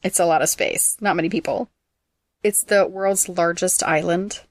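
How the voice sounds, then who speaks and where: A woman hosting a podcast who reads out trivia facts in a brisk, teasing way and laughs often. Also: lowish voice, fairly even intonation, no room sound. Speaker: podcast host presenting trivia. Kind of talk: casual trivia chat, reading facts.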